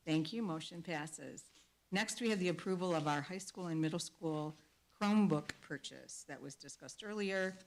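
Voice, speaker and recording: A woman's voice: sits low, moderate pace, slight background noise, low-quality recording. A woman chairing a school board meeting, calling for motions and reading resolutions aloud in a businesslike way. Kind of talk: formal meeting procedure.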